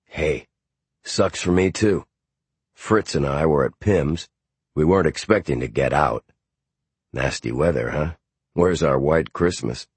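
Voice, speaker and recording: A man voicing a genial, bored, middle-aged American thug who talks in a low-key, affable way. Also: measured pace, long pauses, husky, no echo, full character voice.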